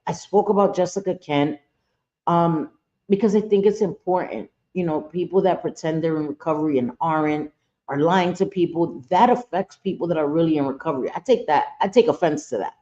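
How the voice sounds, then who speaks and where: A woman streams live, talking straight at her chat in a blunt, heated, profane way. Her voice sits low and mellow. The audio is dull and lo-fi. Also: a little fast. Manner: talks straight to viewers and chat. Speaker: YouTube live streamer and commentator.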